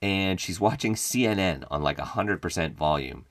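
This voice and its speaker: A young man with a very deep, low-pitched voice tells a personal story in a loose, comedic way, swearing freely and chuckling at his own telling. His voice is recorded close and dry, with no room sound. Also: expressive, moderate pace, no echo. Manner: profane, wry, laughs while telling.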